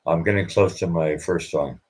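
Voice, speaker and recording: Husky deep-voiced rambling man. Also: moderate pace. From Boston. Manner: rambling, with restarts and repeated words. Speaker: live stream host. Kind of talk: casual live stream chat.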